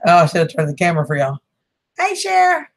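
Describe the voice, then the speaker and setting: A woman's voice: sits low, fairly even intonation, rapid-fire. A woman, hosting a casual livestream, chatting with viewers, greeting them by name and laughing often. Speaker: livestream host.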